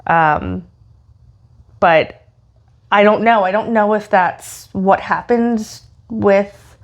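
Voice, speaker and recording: A woman co-hosting a podcast, talking casually and hesitantly with many pauses. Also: mid-range voice. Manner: hesitant, many ums and uhs. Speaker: podcast co-host. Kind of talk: casual chat.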